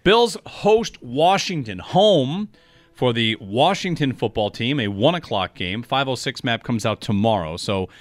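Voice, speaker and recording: Lively male sports radio host, dry studio. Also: medium pitch, unhurried, no echo. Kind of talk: casual sports talk.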